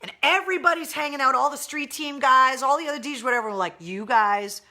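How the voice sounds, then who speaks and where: Woman radio host, high and bright, animated and salty storyteller, casual live-stream chat. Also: fast talker. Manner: animated, blunt and profane storyteller.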